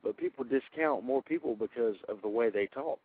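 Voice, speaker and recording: A man's voice: medium pitch, brisk, slight background noise. Blunt Southern man on talk radio. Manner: blunt, indignant. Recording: tinny phone-like radio audio.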